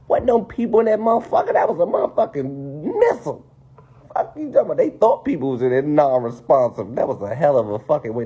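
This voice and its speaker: A man ranting casually and profanely to his viewers, spinning a conspiracy with animated, swearing delivery. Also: a little high, slightly rough. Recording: dull lo-fi stream audio.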